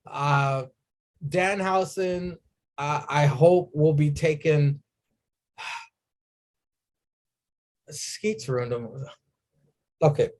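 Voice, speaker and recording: A man recapping wrestling on a casual podcast. He talks slowly and fills gaps with "uh". His voice sits a little higher than most men's. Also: a little mellow. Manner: unhurried, filler-heavy recap with dry asides. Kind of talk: casual chat.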